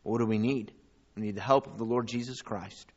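A man preaching a sermon as pastor, rising to loud, high calls and dropping to quiet asides. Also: steady tone, brisk, lo-fi sound. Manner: preaching with big swings in pitch and loudness.

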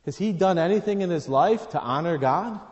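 A man delivers a sermon with a slightly raised pitch, moving from hushed, low stretches to loud, pressing emphasis as he reads scripture aloud. His voice rings out with the long reverb of a large hall. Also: expressive, normal speed, muffled recording. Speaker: preacher.

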